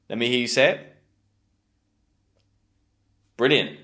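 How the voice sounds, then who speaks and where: This British man teaches English pronunciation in a scripted online lesson, his mid-range voice slightly bright, slow and full of pauses. He articulates each word with care and urges learners to say them back.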